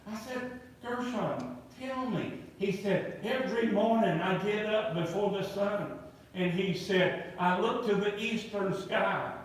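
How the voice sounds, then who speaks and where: High-voiced preacher in an echoey church. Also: male voice, slow, recorded from a distance. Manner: animated storyteller, acting out quoted voices. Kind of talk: revival sermon storytelling. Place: large church sanctuary.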